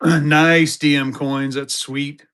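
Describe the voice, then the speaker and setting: A man's voice: a little high, flat delivery, slow pace, a bit bright, smooth. A man hosting a live-stream currency auction, greeting viewers by name and urging them to bid. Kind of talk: live-stream selling chat.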